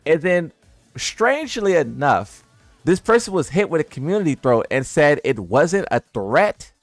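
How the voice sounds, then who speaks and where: A male gaming streamer with a fairly high voice that swings widely up and down as he reacts. His delivery is teasing and incredulous. The recording is close and dry, with faint music playing underneath. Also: sing-song, unhurried, no room sound. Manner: incredulous, teasing, laughs at what he reads. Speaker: gaming content creator. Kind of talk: casual commentary to viewers.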